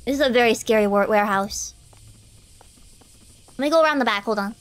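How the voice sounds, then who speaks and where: A woman streaming a driving game, chatting to herself in an excitable, talkative way as she plays. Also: a little high, a little fast. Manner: chatty, excitable, talks to herself while playing. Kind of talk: live game commentary.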